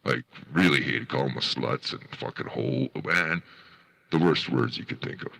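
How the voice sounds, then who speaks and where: A man's voice: extremely low pitch, moderate pace, creaky, a bit bright. A man hosting a livestream, giving scornful, swear-filled commentary on clips he plays. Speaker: livestream host reviewing clips. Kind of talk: profane reaction commentary.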